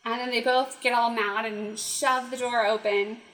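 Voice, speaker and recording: A woman co-hosting a podcast, retelling a story in casual chat with animated, giggly delivery. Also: on the high side, unhurried, reverberant, low-quality recording. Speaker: podcast co-host.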